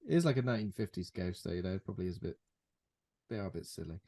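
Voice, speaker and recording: A man's voice: deep voice, expressive, very fast, warm tone. Brit guy co-hosting a horror podcast, laid back, lots of ums. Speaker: podcast co-host. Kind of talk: casual film recap chat.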